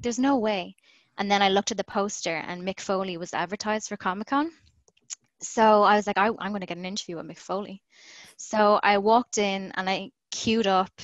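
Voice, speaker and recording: A woman's voice: medium pitch, fairly bright tone, no echo, rough recording. An Irish woman in her thirties talks as a podcast guest, chatty and easy, often laughing and acting out lines she quotes. Her voice sits in a middle register. The recording is dry, from a remote call. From Ireland. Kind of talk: casual storytelling in an interview.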